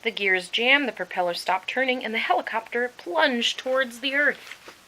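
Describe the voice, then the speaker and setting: Bright, expressive woman reading a storybook. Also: a little high, moderate pace, a little hiss or hum, poor audio. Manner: expressive, animated. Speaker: storybook reader. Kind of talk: reading a picture book aloud.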